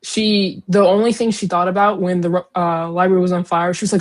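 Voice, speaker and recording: Low-voiced young woman recapping a book. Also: fairly quick. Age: young adult. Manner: animated retelling, filler-heavy, giggly. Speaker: podcast co-host. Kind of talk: casual book discussion.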